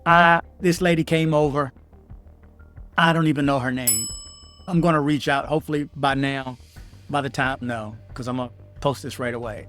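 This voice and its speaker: A man telling a travel story in an unscripted vlog, in an animated way that swings to loud outbursts. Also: mid-range voice. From Washington, D.C. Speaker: vlogger.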